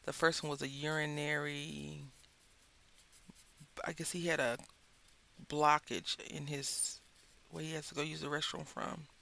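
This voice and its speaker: Gravelly Southern woman chatting while crafting. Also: sits low, little pitch movement, a little slow, pauses often, sharp tone. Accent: Southern American. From Southern United States. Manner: chatty, rambling storyteller. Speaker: craft channel host. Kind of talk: casual chat while crafting. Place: indoors at a craft table.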